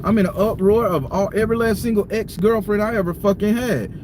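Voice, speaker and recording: A man's voice: high voice, a little fast, noisy background. A man hosting a live stream from a parked car, venting in a heated, profane rant. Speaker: tarot reader and channel host.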